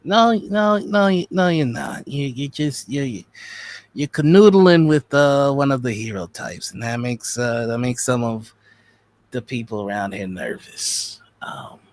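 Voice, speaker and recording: A man running a tabletop role-play game, voicing a gruff shopkeeper in halting, restart-filled speech. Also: medium pitch, lively intonation. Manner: halting, full of restarts, swings loud when upset. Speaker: game master.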